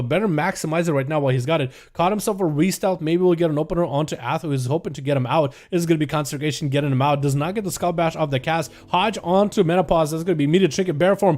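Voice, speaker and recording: A man's voice: fairly high pitch, darkish tone. A male streamer doing live game commentary and casual chat with viewers, laid-back and slangy.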